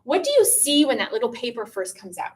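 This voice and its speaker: A woman from Canada giving a lecture to a student audience, chatty and lively, often asking the listeners questions. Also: on the high side, brisk. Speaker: pro-life speaker. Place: room with a piano and a live audience.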